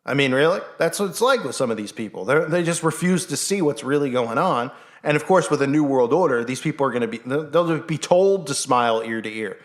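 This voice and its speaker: A man's voice: mid-range voice, brisk. Sarcastic man ranting to his viewers. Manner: animated, sarcastic, talks straight to viewers. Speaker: vlog host. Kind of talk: casual ranting monologue.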